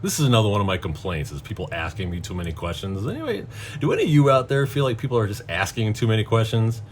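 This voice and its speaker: A middle-aged man rants through a casual story with an animated voice that swings widely in pitch. He swears freely and sounds exasperated. A faint background hum sits under his voice. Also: fast. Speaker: vlogger.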